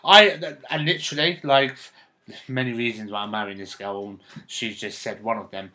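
Bright-voiced man telling a story. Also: mid-range voice, fairly even intonation. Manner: storytelling, halting and emotional. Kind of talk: casual chat.

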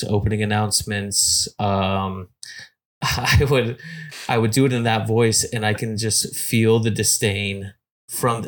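A man guesting on a podcast, telling loose, chuckling stories full of "like" and "um" fillers. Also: fairly low pitch. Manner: rambling, chuckling, lots of "like" and "um". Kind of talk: casual storytelling chat.

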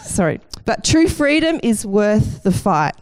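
A woman's voice: mid-range voice, big pitch swings, measured pace, darkish tone, smooth. A woman preaching a sermon with enthusiasm and a light self-deprecating humour.

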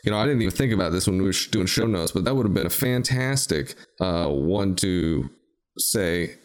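Podcast host guy, lowish voice, goofy rambling bits. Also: lively intonation, moderate pace. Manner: jokey, rambling storyteller. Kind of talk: casual chat.

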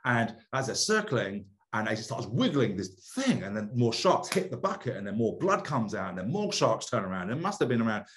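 Animated man telling a wild story. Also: mid-range voice, moderate pace, hardly any pauses, a little hiss or hum. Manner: animated, laughs often, repeats words. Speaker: podcast guest. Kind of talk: casual storytelling.

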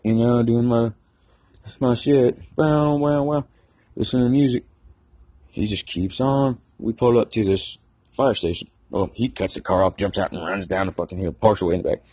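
A man's voice: lowish voice, a little mellow, dry recording. A man telling a rambling, profane story in a casual rant. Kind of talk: casual ranting anecdote.

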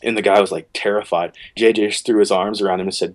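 A man's voice: fast talker, poor audio. A man, a worship leader, casually telling a long story on a podcast and acting out what people said. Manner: relaxed storyteller, acts out quotes with sudden pitch jumps.

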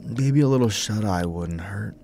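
A man's voice: lowish voice, animated, moderate pace, dark tone. Guy doing nervous tipsy young priest, rambling, voice jumps all over, little hiss behind. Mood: flustered. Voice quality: flustered, rambling. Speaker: Father Montgomery, a priest.

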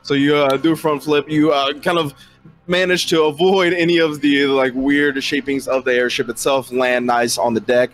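A man narrates a tabletop role-playing session as its game master. He describes the scenes in a loose, rambling way with frequent fillers. His voice sits at a middling pitch. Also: steady tone, normal speed, a little hiss or hum.

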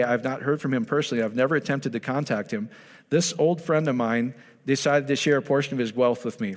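A man preaches with lively storytelling and often slips into the voices of the people he talks about. His voice sits at an ordinary middle pitch. A long hall reverb trails each phrase. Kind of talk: sermon.

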